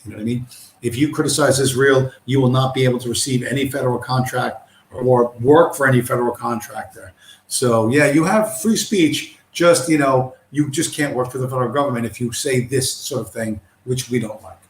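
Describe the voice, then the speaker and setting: A man's voice: medium pitch, fairly quick. A man hosting a livestream, talking in a long profane rant full of restarts and asides. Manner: profane, rambling, repeats "you know what I mean". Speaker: livestream host. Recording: roomy echo.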